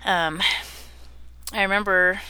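Earnest woman with a bright tone. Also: medium pitch, fairly even intonation, slow, smooth, no echo. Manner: earnest and reflective. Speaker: interview guest. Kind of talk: personal storytelling in conversation.

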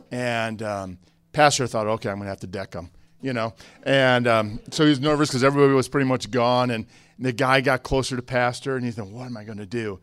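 A man from the Chicago area, a pastor on a conference panel, telling stories in a relaxed way with joking asides. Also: mid-range voice, dry recording.

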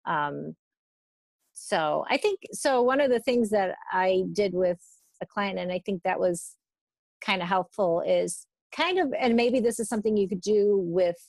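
A woman's voice: mid-range voice, lively intonation, a little slow, darkish tone, no room sound. A woman therapist talking through advice in a thoughtful, hesitant way, with many fillers and restarts. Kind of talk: casual conversational advice.

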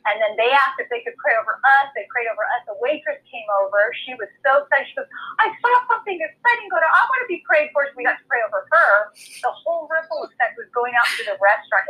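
A woman earnestly telling a personal faith story in a lively, heartfelt way. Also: a little high, muffled recording. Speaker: guest storyteller. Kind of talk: faith testimony.

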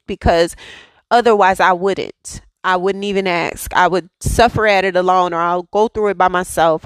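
Woman, thirties, devotional host, conversational testimony, frequent "okay?" asides, mid pitch, dry close recording. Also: no room sound, low-quality recording.

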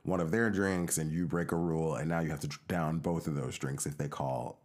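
A man with a low voice tells a long, animated story in casual podcast chat. He jumps into the voices of the people he quotes and keeps the anecdote rolling. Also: fairly quick. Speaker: podcast co-host.

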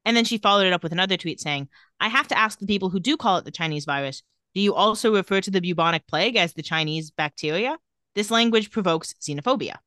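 Woman podcast co-host, casual wry recap; bright, smooth voice, dry close sound. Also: on the low side, expressive, fast, no room sound. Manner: recounting tweets with wry commentary.

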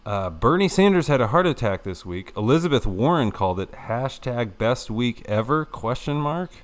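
A man's voice: medium pitch, animated, normal speed. A man hosting a satirical fake news podcast in a mock-newscaster delivery with profane asides. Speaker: host.

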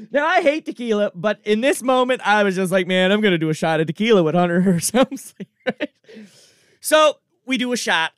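A man from Cape Breton with a Cape Breton accent, telling a comic story in a casual, animated way, swearing, laughing often and filling with "like" and "I'm telling you.". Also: high-pitched, clear, resonant tone, no room sound, studio quality. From Cape Breton, Canada.

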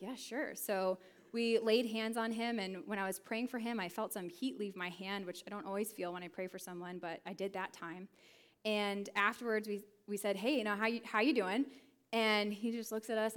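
A young woman, a church youth ministry director, telling a personal story on a church stage and acting out the people in it. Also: medium pitch. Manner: lively storyteller, acts out the people in her story.

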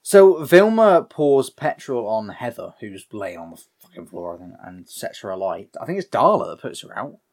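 A young man tells a film's plot in relaxed podcast chat. His pitch swings widely as he acts out each character's lines with loose, sweary energy. He keeps the story moving in a casual way. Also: normal speed, hardly any pauses. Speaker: podcast co-host recapping a film.

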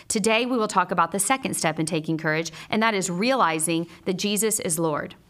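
An earnest woman delivers a scripted devotional lesson, steady and measured. Her voice sits at an ordinary middle pitch, and she weaves personal stories in with scripture. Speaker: Bible teacher; mother.

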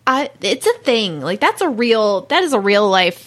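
A woman's voice: mid-range voice, big pitch swings, normal speed, fairly bright tone. A woman co-hosting a podcast in casual chat, trading playful, easily amused banter. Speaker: podcast co-host.

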